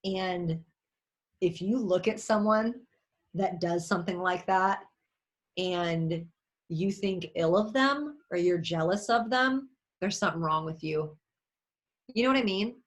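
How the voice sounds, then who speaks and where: Animated woman giving an emphatic pep talk. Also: fairly low pitch, a little slow. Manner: animated and emphatic, acts out quotes, laughs. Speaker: network marketing leader speaking as a guest. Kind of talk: motivational talk on a video call. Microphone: video call.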